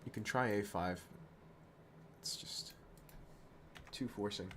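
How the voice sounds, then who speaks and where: A man streaming chess, talking fast and self-mocking through move lines, dropping to quiet muttering when frustrated. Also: fairly low pitch, noisy background. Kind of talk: casual live-stream game commentary.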